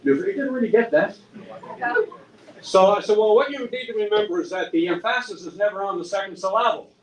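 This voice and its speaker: Man, Newfoundland accent, high voice, rambling wry pub storyteller; echoey room, faint background noise. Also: brisk, distant mic. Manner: rambling, wry, self-mocking humor with many restarts. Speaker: singer-songwriter and storyteller. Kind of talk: live storytelling at a pub event.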